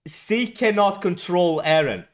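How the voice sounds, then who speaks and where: A man hosting an anime reaction video, excitable, with gasps, drawn-out exclamations and stumbling restarts when agitated. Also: high voice. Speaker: anime reaction channel host.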